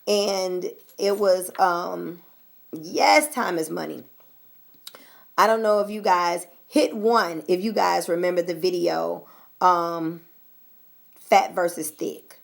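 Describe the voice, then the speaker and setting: A woman's voice: fairly low pitch, fairly even intonation, slow pace, creaky. An American woman vlogger talking straight to her viewers, blunt and sassy, swearing freely. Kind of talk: casual straight-talk vlog.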